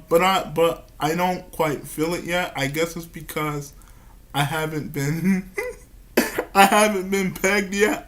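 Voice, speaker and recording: Speaking about his own life for a vlog, the man sounds fairly high-pitched and fairly bright, though his delivery halts and stammers, with repeated words and anxious little giggles in between.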